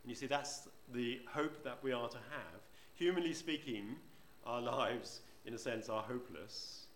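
Preacher in an echoey church. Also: male voice, medium pitch, measured pace, a bit bright, a little hiss or hum. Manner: conversational, asks the congregation rhetorical questions. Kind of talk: sermon. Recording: roomy church echo.

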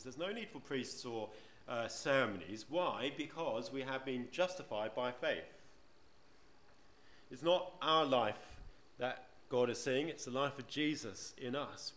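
A man with a medium-pitched, fairly bright voice preaches a sermon in church. He is conversational, often asking the congregation rhetorical questions, and the recording has a roomy church echo.

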